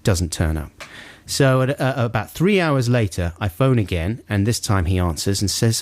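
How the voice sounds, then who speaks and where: Animated man telling a story on the radio. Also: lowish voice, normal speed, dry recording. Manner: animated storyteller, voice climbs when acting out his anger. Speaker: radio co-host. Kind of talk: casual radio chat, telling an anecdote. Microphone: studio microphone.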